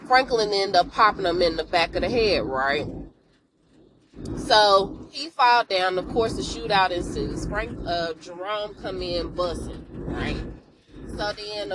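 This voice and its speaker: A woman hosting a podcast, telling an episode recap in a casual, animated way and calling out to listeners, with emotional exclamations. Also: on the low side, noisy background. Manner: animated storytelling, addresses listeners with "y'all".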